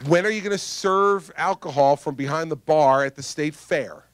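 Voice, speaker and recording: A man's voice: on the high side, normal speed, a bit bright, dry recording. A man, a politician, giving a campaign stump speech to voters in a conversational, emphatic storytelling manner.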